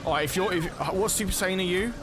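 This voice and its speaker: A young man with a voice a bit higher than most men's, rambling through casual chat while he plays a kart-racing game on stream. He swears freely and keeps stopping and restarting his thoughts. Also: fast. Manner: rambling, frequent swearing, stops and restarts sentences.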